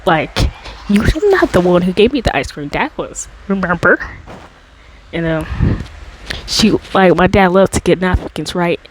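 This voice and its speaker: A woman with a fairly low speaking voice tells a personal story to her audience, wandering off into asides and circling back again. She leans on fillers and restarts, and her pitch climbs when the drama builds. A faint hiss sits under the recording. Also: a little slow, rough recording. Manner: rambling, full of fillers and restarts; gets high and excited when retelling dramatic moments. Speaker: storytime vlogger. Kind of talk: casual storytime monologue.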